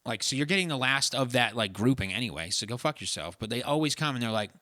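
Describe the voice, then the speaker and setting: Fast, bright-voiced ranting man. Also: medium pitch, lively intonation, dry recording. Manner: ranting, sweary, mimics people in voices. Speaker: podcast co-host. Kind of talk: casual chat.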